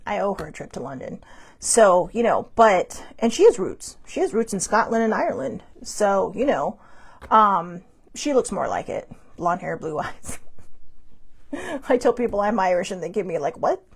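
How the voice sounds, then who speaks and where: Speaking in a mid-range voice with a breathy edge, a woman hosts a live stream through a phone or webcam. Her casual monologue is rambling and chatty, blunt and upbeat, with frequent laughter.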